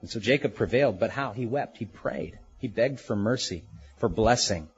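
A male pastor delivering an expository sermon, earnest and unhurried, dwelling slowly on key words. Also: lowish voice, lively intonation, husky, lo-fi sound.

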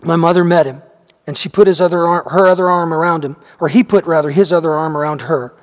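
A man reading the part of an elderly farm woman who gently recalls a day from her childhood, in homely words. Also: on the high side, quick pace, lightly acted. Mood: tender recollection. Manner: gentle storytelling, homely phrasing. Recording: long hall reverb.

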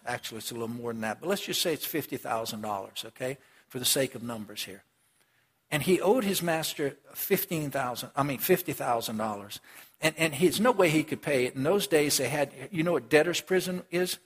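A man's voice: a little high, slightly rough. A man preaching a sermon, talking straight to the congregation and acting out the characters of a story. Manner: animated, acts out characters, addresses congregation directly. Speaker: pastor. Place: church. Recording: long hall reverb.

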